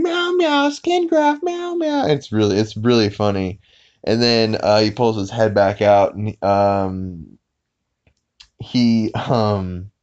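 Low-voiced man rambling through an episode recap. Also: darkish tone, smooth, lo-fi sound. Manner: rambling, many fillers, quick bursts of cartoon voices when quoting. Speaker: podcast host.

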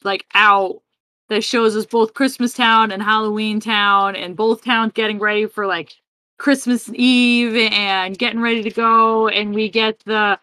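Female podcast co-host, bright tone, dry close mic, chatty film recap. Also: mid-range voice, measured pace, no echo. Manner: chatty, animated retelling with filler "like" and "yep". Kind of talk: casual chat recapping a film.

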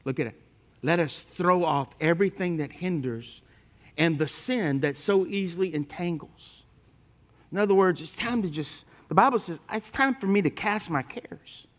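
Male pastor, fairly high voice, lively storytelling sermon, jokes with the room, big swings in volume. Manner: lively storytelling with humor, speaking to the congregation; swings from loud emphatic points to quiet, low asides.

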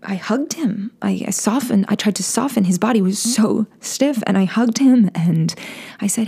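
A woman telling a personal story in a soft, confessional way, often dropping into a whisper and restarting her sentences. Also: medium pitch, unhurried, husky. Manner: frequent restarts and stammers.

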